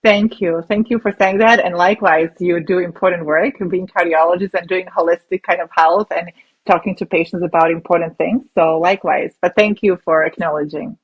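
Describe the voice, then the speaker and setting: A woman doctor, a rheumatologist, explaining ideas in an interview in an animated way with many restarts. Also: on the low side, a little fast, husky, dull audio. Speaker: rheumatologist guest.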